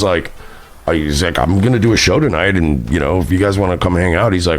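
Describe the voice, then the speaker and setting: A man's voice: low voice, animated, quick pace. A man from New York hosting a podcast, telling a story in a rambling, profane, self-mocking way while intoxicated. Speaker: podcast host. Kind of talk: casual storytelling chat.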